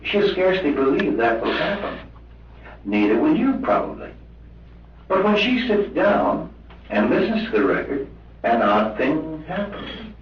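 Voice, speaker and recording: A man teaching doctors in a lively, emphatic lecture, stretching out the words he stresses. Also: on the high side, a little slow. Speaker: medical hypnosis instructor. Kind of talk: recorded lecture. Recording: old lo-fi roomy recording from a distance with hiss.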